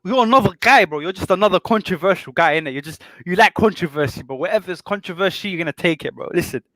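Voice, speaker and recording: Young guy in heated banter, teasing, raised pitch, dry room tone. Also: animated, fast talker, fairly bright tone, no echo. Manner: argumentative, slangy, joking. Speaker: panel speaker. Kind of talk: casual debate.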